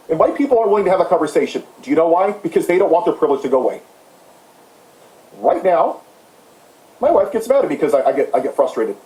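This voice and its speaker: Male commentator, high-pitched, mocking and heated, in an echoey room. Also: big pitch swings, fast talker, long pauses, dark tone. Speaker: political commentator. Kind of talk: impassioned ranting monologue.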